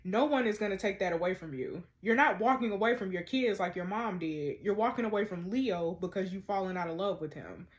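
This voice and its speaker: A woman voicing a reassuring, caring woman friend, reading game dialogue aloud in a soft, low, subdued way. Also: fairly quick, hardly any pauses, lightly acted.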